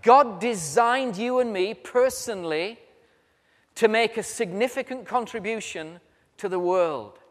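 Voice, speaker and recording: Speaking a little slowly in a voice that sits high, a British man gives a sermon at a convention, strolling around as he tells stories with humor. The large hall makes the sound reverberant.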